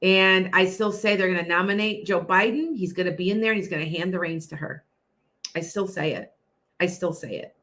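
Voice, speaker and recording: Middle-aged lady psychic chatting on a stream, bright voice, all over the place. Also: lowish voice, fairly quick. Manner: rambling, jumps between thoughts, many restarts. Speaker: psychic host answering viewers. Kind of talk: casual livestream chat.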